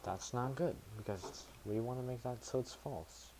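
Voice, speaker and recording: This programmer streaming to chat talks through his code at normal speed, his mid-range voice a little mellow. It's casual live commentary full of thinking aloud and self-deprecating asides, with a faint hiss or hum.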